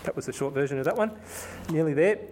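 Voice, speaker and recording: A man preaching through a Bible passage, stumbling and restarting as he explains, then reading scripture slowly and with emphasis. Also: on the high side, expressive, darkish tone, a little hiss or hum. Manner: conversational, with frequent restarts and repetitions. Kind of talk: sermon, Bible exposition.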